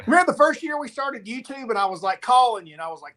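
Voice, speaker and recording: A man co-hosting a casual fishing chat, animated and teasing. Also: extremely high pitch, fast. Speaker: co-host.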